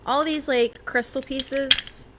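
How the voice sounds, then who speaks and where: A woman's voice: high voice, fairly even intonation, slow, heavy background noise. A woman hosting a casual spiritual livestream, talking loosely as a medium with lots of fillers. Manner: chatty, with many fillers and small laughs. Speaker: psychic medium host.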